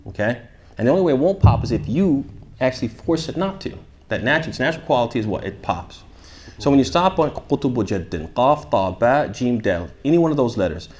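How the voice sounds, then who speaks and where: A man teaches recitation to a room of students, constantly asking "what?" and then answering himself. He recites short Arabic phrases slowly and loudly so they can echo them back. His voice sits at a middling pitch. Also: lively intonation. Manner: asks the class questions then answers them. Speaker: shaykh teaching tajweed. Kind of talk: interactive classroom lesson.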